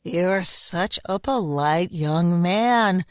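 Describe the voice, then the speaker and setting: A man voicing a tall, pale, nosy woman passenger on a late-night train, speaking slowly and overly sweetly. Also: high voice, smooth, dry recording, clean studio sound, voice pushed up. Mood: sweetly prying. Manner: slow, prying, overly sweet.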